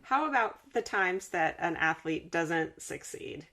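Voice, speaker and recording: A woman's voice: on the low side, expressive, a little slow, sharp tone. A woman hosting a podcast interview, asking thoughtful, conversational questions. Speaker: podcast host.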